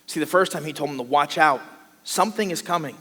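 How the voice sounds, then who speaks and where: Animated high-voiced preacher in echoing church. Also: male voice, quick pace. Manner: animated, acts out voices of people he describes. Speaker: pastor. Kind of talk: sermon. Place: church sanctuary. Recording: long hall reverb.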